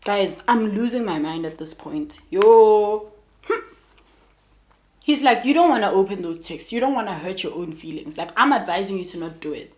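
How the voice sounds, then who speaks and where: A woman's voice: medium pitch, moderate pace. A young South African woman with a South African accent, telling a personal story in a casual, chatty way and talking straight to her viewers. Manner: animated, chatty, addresses viewers as guys. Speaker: YouTuber.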